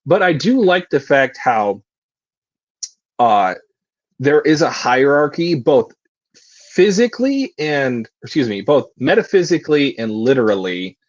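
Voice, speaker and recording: A man hosts a manga reaction stream, musing aloud with giggly asides in a husky voice. His pitch jumps around animatedly while his pace stays slow. The mic sounds dry and dull. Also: no echo. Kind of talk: live manga reading and commentary.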